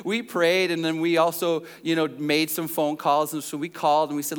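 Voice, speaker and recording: High-voiced male pastor telling a story. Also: level tone, moderate pace, few pauses, clear, resonant tone. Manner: jokey storyteller who questions the congregation directly. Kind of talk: sermon with a personal story.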